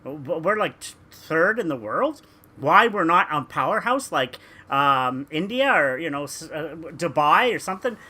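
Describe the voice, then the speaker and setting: Ranting podcast guest, keeps restarting, very bright voice. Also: medium pitch, big pitch swings, unhurried. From Canada. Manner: ranting, emphatic, stumbling restarts. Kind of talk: casual podcast chat.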